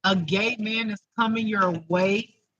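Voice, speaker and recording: High-voiced man giving a spiritual reading. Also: steady tone, a little slow, fairly bright tone, dry recording, dull audio. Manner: emotional, repetitive, chatty. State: close to tears. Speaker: intuitive spiritual reader. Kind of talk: improvised spiritual reading to viewers.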